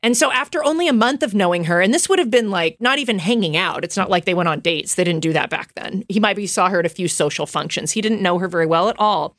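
A woman's voice: mid-range voice, lively intonation, fast, few pauses, fairly bright tone, no echo. Chatty woman telling a story, dry sound. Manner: chatty, lots of fillers and asides; laughs often while telling. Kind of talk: casual storytelling.

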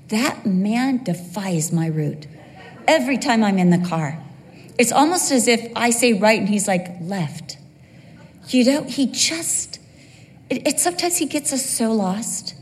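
Lively woman preaching in a reverberant hall. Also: medium pitch. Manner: lively, humorous, acts out dialogue with quick asides. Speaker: women's Bible teacher. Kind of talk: sermon. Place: church sanctuary.

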